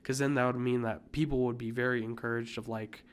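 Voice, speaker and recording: A young man talks loosely on a podcast, circling back and restarting his sentences. His pitch sits in the middle of the range. The chat is relaxed and unscripted. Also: brisk, a little hiss or hum. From United States. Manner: rambling, many fillers and restarts, coughs now and then. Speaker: podcast co-host. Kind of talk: casual chat.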